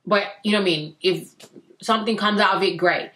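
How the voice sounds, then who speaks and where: A woman's voice: mid-range voice, fairly quick. Chatty young woman recapping reality TV. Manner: chatty, animated, excitable bursts, slangy asides. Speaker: reality TV reviewer. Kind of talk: casual recap vlog.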